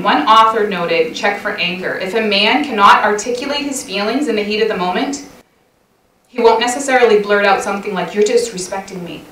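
A woman's voice: medium pitch, a bit bright, slight background noise. A middle-aged woman telling a chatty, self-mocking story to a church women's session, laughing often. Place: church hall. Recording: roomy hall sound, mic at a distance.

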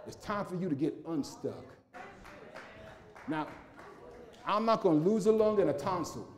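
A male pastor delivering a sermon with a warm, mellow tone and a slightly higher-than-average pitch. He preaches in rhythmic, repeating phrases and drops humorous asides along the way.

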